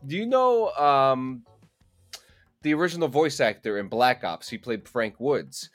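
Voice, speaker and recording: A man's voice: medium pitch, lively intonation, unhurried, no echo, soft background music. A man co-hosting a podcast, bringing up news items and often repeating words. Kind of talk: casual podcast chat.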